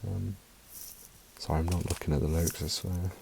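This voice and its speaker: Low gravelly rambling male vlogger. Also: steady tone, brisk, a little mellow, slight background noise, poor audio. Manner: rambling, emotional, swears often. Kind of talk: casual chat.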